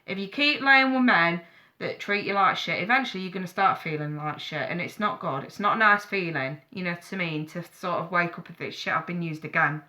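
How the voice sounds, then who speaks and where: Woman, tarot reader on a live stream; bright, forceful voice, blunt and affectionate. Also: fairly low pitch, expressive, a little fast. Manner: chatty, calls viewers darling and sweetheart; blunt, frank advice with swearing.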